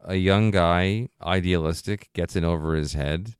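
A man's voice: deep voice, unhurried, clean tone, no room sound, clean studio sound. A man in a casual film discussion, thinking aloud in long, rambling sentences full of "you know" and "like". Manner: thoughtful, rambling, frequent fillers like "you know" and "like".

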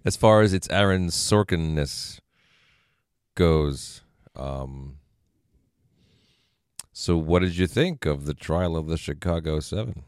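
Deep smooth guy hosting a movie chat podcast, upbeat, laughs easy. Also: slow, long pauses, no echo, studio quality. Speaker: podcast co-host. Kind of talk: casual movie review chat.

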